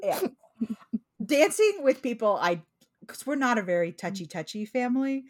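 A woman's voice: fairly high pitch, sing-song, moderate pace. A young woman co-hosting a podcast, playful and jokey, laughing a lot as she chats. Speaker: podcast co-host. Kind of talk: casual chat.

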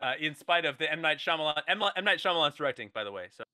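A man co-hosting a comedy show, pitching an improvised action movie in a rambling, playful way, often restarting his sentences. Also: expressive, racing, sharp tone. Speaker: comedy podcast co-host.

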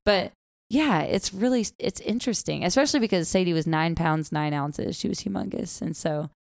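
A young woman in casual chat, talking about being a mother in an animated way, with lots of "like" fillers and quoted lines in a high voice. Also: normal speed, creaky.

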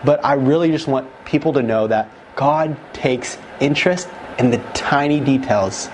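A man giving an emotional testimony as a guest, retelling it with excited, animated emphasis that jumps up at key moments. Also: mid-range voice, normal speed, background noise.

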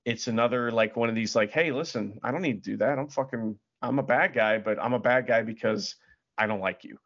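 Guy co-hosting a chill wrestling podcast, swears a lot, gets animated, muffled lo-fi audio. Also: mid-range voice, fairly quick. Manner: animated, swears freely, acts out quotes. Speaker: podcast co-host. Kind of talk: casual wrestling chat. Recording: dull lo-fi audio.

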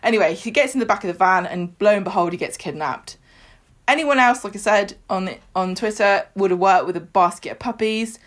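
A woman's voice: medium pitch, brisk. A woman, co-hosting a casual podcast and recapping a soap in a chatty, jokey way. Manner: chatty, jokey, full of fillers and acted quotes. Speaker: podcast co-host.

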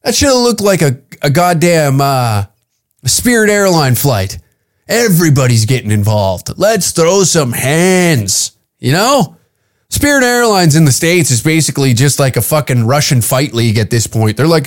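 Canadian male comic host, slightly high voice, profane heated solo podcast rant. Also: very animated, moderate pace.

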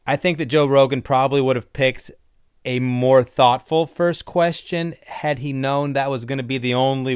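A man's voice: medium pitch, clean tone. A man hosting his own podcast in a casual, opinionated solo talk, rambling with frequent ums. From Iowa. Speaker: podcast host.

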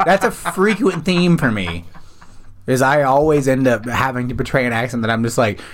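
A man's voice: medium pitch, animated, moderate pace, background noise. A man hosting a podcast with crude, casual banter, rambling and packed with "like" fillers. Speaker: podcast host.

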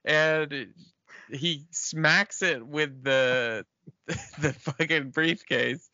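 A man's voice: fairly high pitch, drawn-out words, no room sound, lo-fi sound. A man co-hosting a casual chat, joking and acting out lines from a film's plot with laughs. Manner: lively, jokes and acts out lines with laughs. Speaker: podcast co-host. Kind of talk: casual movie recap chat.

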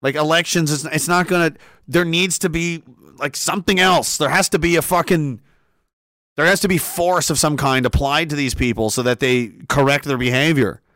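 Excitable, swearing man ranting on stream. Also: on the high side, moderate pace, dry recording, studio quality. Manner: excitable, profane, laughs often, restarts sentences. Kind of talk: casual livestream rant.

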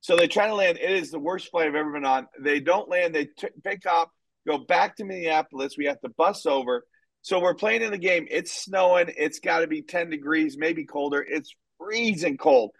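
Fairly high-voiced man telling stories. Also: normal speed, no echo, rough recording. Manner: rambling, animated storytelling with many fillers. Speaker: soccer coach and podcast co-host. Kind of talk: casual chat and storytelling.

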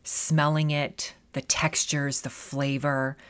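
Earnest low-voiced middle-aged woman. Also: flat delivery, takes it slowly, fairly bright tone, smooth. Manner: earnest and reflective, many "you know" fillers. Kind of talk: personal storytelling talk.

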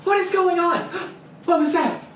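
A man voicing a jumpy, frightened guard who shouts in alarm, in a roomy, noisy recording. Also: very high-pitched, fairly even intonation, measured pace, pitched above the performer's own voice.

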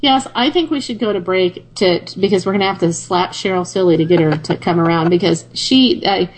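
A woman's voice: on the low side, a little fast, rough recording. A woman with a General American accent, co-hosting a show in playful, joking casual chat and laughing often. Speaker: podcast co-host.

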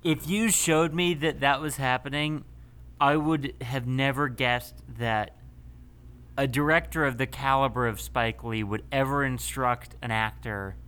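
A male co-host gives his opinions and jokes his way through a casual film chat. His voice is smooth and resonant, at an ordinary male pitch. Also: fairly even intonation, measured pace, bright, forceful tone. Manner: jokey and opinionated. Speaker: podcast co-host.

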